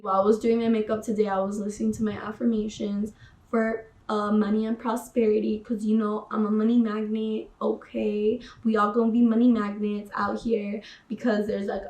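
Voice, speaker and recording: A woman's voice: medium pitch, darkish tone, echoey room, far from the mic. A woman vlogger talking casually about personal growth, chatty and full of slang. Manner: chatty, uses slang like sis and boo-boo. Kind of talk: casual spiritual vlog.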